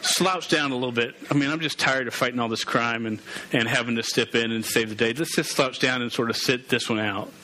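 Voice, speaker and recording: A man voicing Batman as a weary superhero who wants to sit a robbery out, speaking in a low, reluctant drawl. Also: fairly even intonation, brisk, pushed and bright, slight background noise, lightly acted, rough recording. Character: weary, lazy adult male superhero.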